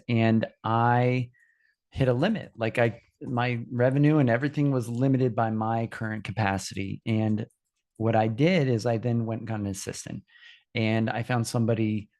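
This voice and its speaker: A man hosting an online training session talks in a loose, chatty way, circling back and restarting his sentences as he goes. His voice sits at an ordinary middle pitch and comes through a video call mic. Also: a little mellow. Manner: chatty, rambling storyteller with many restarts. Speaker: host. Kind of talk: live webinar teaching.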